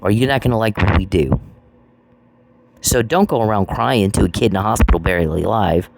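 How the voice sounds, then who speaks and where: A man delivers an angry monologue at one person, swearing and repeating his accusations. His voice is on the low side, animated and brisk, with vocal fry. The recording is noisy with clicks.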